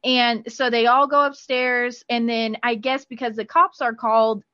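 Female host, casual storyteller, bright slightly high voice, muffled lo-fi recording. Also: flat delivery, moderate pace. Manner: chatty, lots of "like" fillers. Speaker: podcast host.

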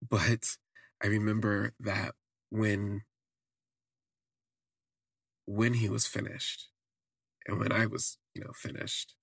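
Gravelly low-voiced man telling a personal story. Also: flat delivery, slow pace, pauses often, a bit bright, no echo, clean studio sound. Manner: rambling, with frequent "like" fillers. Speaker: podcast host.

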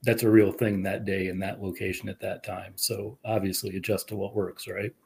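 A man who works as a fisheries administrator, a podcast guest explaining research in a measured way. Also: fairly low pitch, level tone, gravelly, darkish tone. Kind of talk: casual chat.

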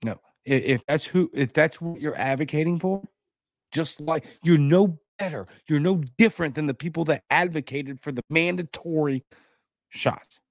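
A man's voice: normal speed, no room sound. Male show host, heated sarcastic rant, blunt insults, dry close sound. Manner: heated and sarcastic, pitch jumping high when outraged. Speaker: host of a political commentary show. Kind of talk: ranting commentary.

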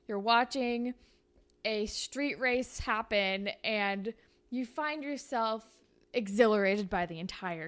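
Her voice slightly high, a bit bright and clean, this young podcast co-host chats casually while inventing a fan fiction story as she goes. Fillers abound, especially "like."

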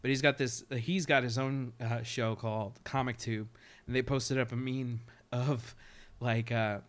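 A man co-hosting a casual chat, joking fast and crude and laughing often. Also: mid-range voice, steady tone. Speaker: podcast co-host.

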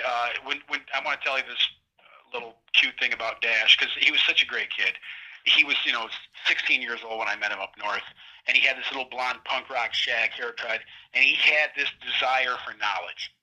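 A man's voice: medium pitch, pushed and bright, highs cut off. A middle-aged man, a guest speaking from prison, telling a rambling story in casual conversation and acting out what his friends said. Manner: rambling, acts out quoted friends heatedly.

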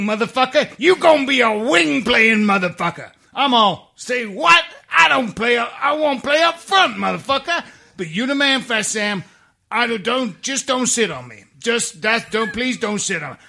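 A man doing a loud impression of a brash, swaggering young male footballer who boasts in slang. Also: very high voice, very animated, measured pace, voice pushed up, full character voice. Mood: cocky boasting.

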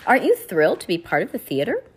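A woman's voice: mid-range voice, quick pace, husky, full character voice. A woman reading aloud, voicing an eager, stage-struck woman judge in a raised, gushing voice. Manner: gushing, excited.

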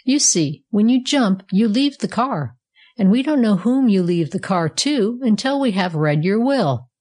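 A woman's voice: mid-range voice, lively intonation, a little slow, darkish tone. A woman playing a bossy, sneering conductor. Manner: demanding, sneering. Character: pompous, bossy male streetcar conductor. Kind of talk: storybook reading.

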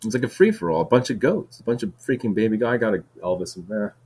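A man's voice: on the low side, very animated, fast talker, darkish tone, breathy edge. A man talking in a casual solo monologue, rambling and restarting, with lots of "like" and "dude.". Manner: rambling, heavy use of "like" and "dude"; restarts and repeats words. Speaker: podcast host.

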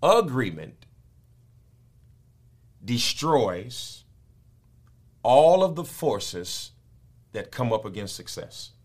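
A man preaching a sermon, moving from low, quiet explaining to high, loud, shouted peaks. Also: sing-song, extremely slow, long pauses.

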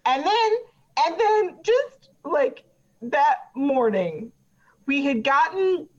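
A woman's voice: sits high, big pitch swings, slow, pitched above the performer's own voice, heavily acted. A woman voicing a chatty, petty witness who rambles with many fillers and gets defensive. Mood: exasperated. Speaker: player voicing a trial witness. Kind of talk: improvised tabletop role-play. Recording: dull lo-fi recording.

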